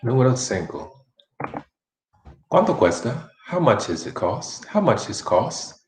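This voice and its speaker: A man's voice: mid-range voice, very animated, a little slow, roomy sound, a little hiss or hum, low-quality recording. A man teaching a live-streamed Spanish lesson, chatty and repeating each phrase many times for practice.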